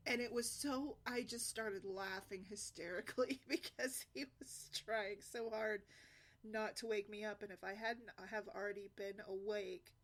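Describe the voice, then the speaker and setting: Woman vlogger, chatty storyteller, loose and rambling, quick to laugh. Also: medium pitch, fairly bright tone. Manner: chatty, rambling, laughs often, many fillers. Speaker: single mom blogger. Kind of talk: casual personal storytelling.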